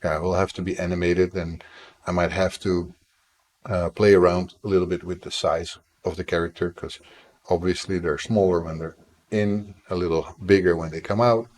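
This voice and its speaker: Low-voiced man chatting on a live stream. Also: level tone, normal speed, a little mellow. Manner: rambling, chatting with viewers, playful. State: tickle in the throat. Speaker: indie game developer streaming. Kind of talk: casual live-stream chat.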